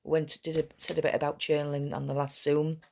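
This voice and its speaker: A woman's voice: low-pitched, flat delivery, a little fast, vocal fry, a little mellow, a little hiss or hum. A woman, an EFT tapping coach, talking chattily and affectionately to her group over a video call. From United Kingdom. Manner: chatty and affectionate, rambling asides. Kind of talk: live online group session, casual chat.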